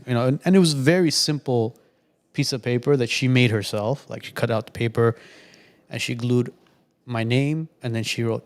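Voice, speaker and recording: Speaking at normal speed with a medium-pitched voice, this podcast co-host, a man in his late thirties, chats casually and tells stories, often restarting his sentences.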